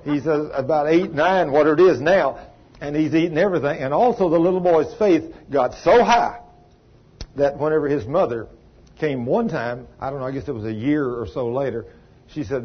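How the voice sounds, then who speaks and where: A man's voice: on the high side, normal speed, breathy edge. A man preaching a sermon, telling folksy stories and acting out the people in them, recorded on dull lo-fi audio. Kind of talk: storytelling sermon.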